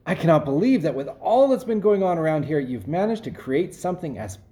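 A man reading the part of a bossy, excitable restaurant owner in an amateur script reading, swinging from gushing praise to angry bellowing. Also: fairly high pitch, a little fast. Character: blustering male restaurant boss, bossy and excitable.

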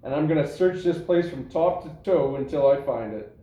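A man playing a gruff, suspicious lawman in a play read-through, blunt and demanding. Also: a little high, moderate pace, dark tone, natural voice. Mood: stern. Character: gruff, suspicious male lawman searching for liquor. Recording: roomy, muffled recording.

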